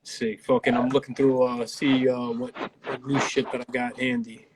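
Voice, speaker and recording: A man's voice: mid-range voice, little pitch movement, normal speed, noisy background. A man, a rapper and producer, chatting loosely on a live interview, laid-back and swearing freely. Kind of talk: casual livestream chat. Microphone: livestream.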